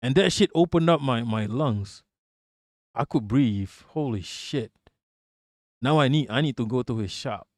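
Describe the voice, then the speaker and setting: Male livestream host, casual chat, animated and profane, mid-pitched, dry close sound. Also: unhurried, long pauses, dry recording.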